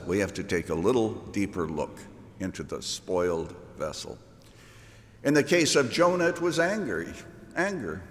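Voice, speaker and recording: A man's voice: fairly low pitch, big pitch swings, moderate pace. A man preaching a sermon, retelling a Bible story and stretching key words out for emphasis. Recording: reverberant hall.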